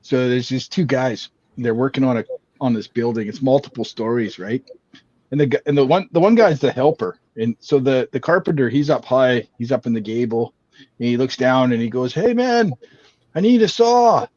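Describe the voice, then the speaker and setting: A man's voice: mid-range voice, brisk, a little mellow, dry recording. A man in a casual stream chat, telling jokes with stammering restarts. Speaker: stream co-host. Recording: dull dry lo-fi mic.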